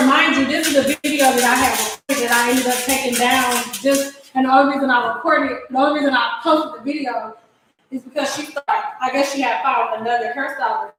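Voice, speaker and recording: A woman's voice: high voice, noisy background. A young woman, a hairstylist, telling a long story in a casual vlog at home, rambling with many restarts and a lot of "like". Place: home, cooking while talking. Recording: very echoey room.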